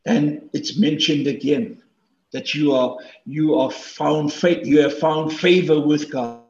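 A man preaching a sermon as pastor, swinging between loud emphatic peaks and hushed asides. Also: fairly high pitch, steady tone, slow, echoey room, lo-fi sound.

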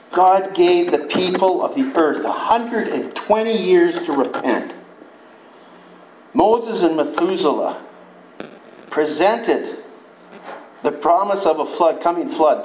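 A man's voice: fairly high pitch, animated, slow pace, long pauses, darkish tone, a little hiss or hum. A man preaching a sermon, retelling scripture in a folksy, conversational storytelling way. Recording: echoey room.

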